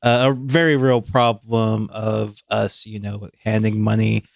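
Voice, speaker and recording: A man's voice: lowish voice, little pitch movement, a little slow, vocal fry, no echo, clean studio sound. A man on a comedic panel chat, speaking thoughtfully with hesitations.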